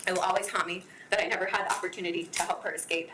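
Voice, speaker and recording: A woman giving a victim impact statement in court, reading her prepared statement in an earnest, measured way. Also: lowish voice, little pitch movement, background noise.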